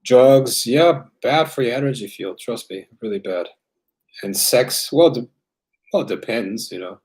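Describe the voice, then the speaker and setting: A man's voice: mid-range voice, expressive, measured pace, darkish tone. A man raised bilingual, hosting a casual livestream and answering viewer questions in a loose, rambling way full of fillers and restarts.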